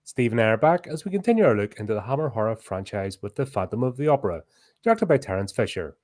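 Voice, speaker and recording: A middle-aged man, co-hosting a podcast in casual chat, loud and animated, laughing easily. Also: on the low side, fast talker. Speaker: podcast co-host.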